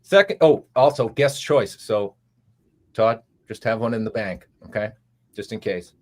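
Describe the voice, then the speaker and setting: A man's voice: on the low side, measured pace, a little mellow. A man with a Boston accent, co-hosting a live online chat over a video call and playfully announcing game rules. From Boston area, US. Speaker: co-host. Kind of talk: casual live stream chat.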